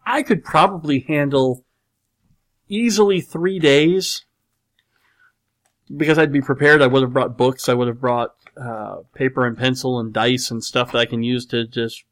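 A man in a casual chat who rambles through his thoughts, leaning on "like" and "you know". He reads out listener questions and answers them with a dry, sarcastic edge. His voice sits at an ordinary middle pitch. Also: moderate pace, fairly bright tone. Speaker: podcast host reading listener questions.

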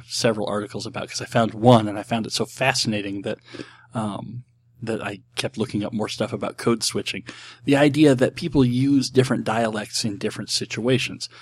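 A man from Texas hosting a podcast, talking casually and rambling through listener questions with frequent ums and self-deprecating asides. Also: lowish voice.

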